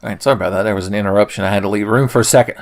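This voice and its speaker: A man's voice: fairly low pitch, very fast. A man hosting a let's play, giving profane, sarcastic, joking commentary. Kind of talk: gameplay commentary.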